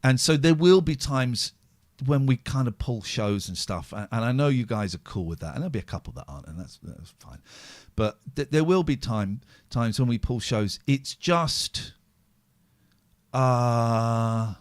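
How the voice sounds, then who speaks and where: In an unhurried, animated mid-range voice, a middle-aged podcast host pours out raw emotion and plenty of swearing. He sounds drained and exhausted, and the audio is clean studio sound with no echo.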